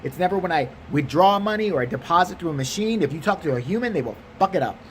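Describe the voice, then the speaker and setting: A man's voice: a little high, animated, fast, slight background noise. Worn-out man with a Chicago accent. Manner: exasperated, profane, comic. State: tired. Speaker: vlogger. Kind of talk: casual storytelling rant.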